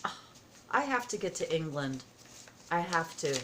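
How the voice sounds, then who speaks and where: A woman vlogging at home as she opens happy mail, excited, gasping and halting with many fillers. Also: low-pitched, background noise. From United States. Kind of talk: casual vlog chat. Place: home, indoors.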